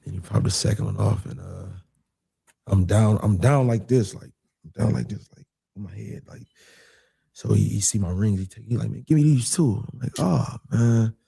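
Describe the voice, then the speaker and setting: A man with a gravelly, husky voice tells a long story in a relaxed, casual way. He jumps up into other people's lines as he acts them out, and he keeps repeating phrases. His voice sounds close and dry. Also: on the low side, normal speed, dry recording. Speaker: guest telling a personal story.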